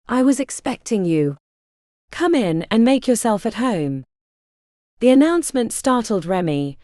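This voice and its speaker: Lively woman narrating an audiobook. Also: mid-range voice, no room sound, studio quality. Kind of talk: scripted narration.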